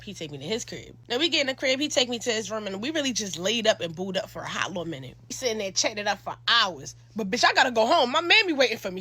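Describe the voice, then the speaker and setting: A young woman telling a story in a casual, animated, profane and slangy way, acting out the scenes. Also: on the high side, husky.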